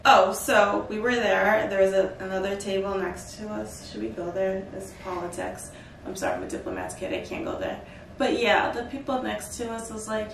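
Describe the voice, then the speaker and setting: Woman host recounting a trip with lively, playful delivery; echoey room, distant mic. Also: medium pitch, normal speed, creaky, a little hiss or hum. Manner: animated, playful storytelling with bursts of laughter. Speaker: vlog host. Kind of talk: casual chat.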